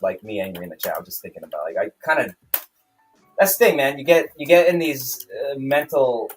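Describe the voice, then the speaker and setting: A man's voice: medium pitch, expressive, fairly quick, soft background music. Profane, rambling man streamer. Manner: heated, profane, rambling with restarts. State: angry, then calming down. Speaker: streamer, self-published author. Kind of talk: casual livestream rant.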